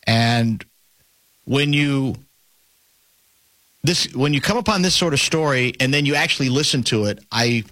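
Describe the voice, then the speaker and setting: A man hosting a talk radio show, rambling and animated, often breaking off and restarting his sentences. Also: mid-range voice, measured pace, pauses often, dry recording. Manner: animated, rambling, self-interrupting.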